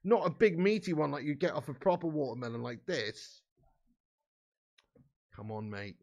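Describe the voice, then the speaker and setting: A man's voice: a little high, normal speed, creaky, darkish tone. A young English man hosting a live stream, chatting in sweary, laddish banter with his viewers and laughing often. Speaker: livestream host. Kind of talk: live watch-along chat.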